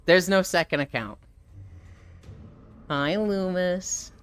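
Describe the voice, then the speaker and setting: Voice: medium pitch, slow, clean tone. A livestreamer in casual chat with viewers, who tells stories animatedly, acts out what friends said, swears and laughs often.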